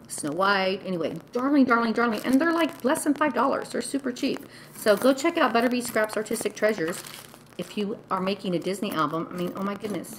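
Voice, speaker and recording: Woman, craft vlogger, gushing casual chat, average pitch. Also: a bit bright, slight background noise, poor audio. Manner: gushing, chatty, lots of "oh my goodness". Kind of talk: casual show-and-tell tutorial.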